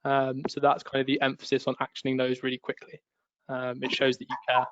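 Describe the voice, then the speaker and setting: A man talks hesitantly, dropping many ums between his thoughts. His voice sits mid-pitch, dry and close, with the dull sound of a video call. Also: monotone, fairly quick, no room sound. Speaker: sales rep, panelist. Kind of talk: casual panel discussion.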